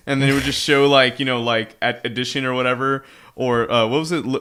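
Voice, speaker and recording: A man co-hosting a casual podcast, easygoing and quick with a joke. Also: medium pitch, fairly bright tone, smooth. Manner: easygoing, jokey banter. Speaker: podcast co-host. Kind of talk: casual chat.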